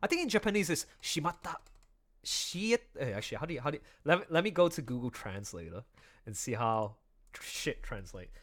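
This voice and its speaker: A man chatting casually on his livestream, excitable and quick to laugh. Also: a little high. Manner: excitable, laughing, breaks into song and silly voices. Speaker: streamer drawing comics.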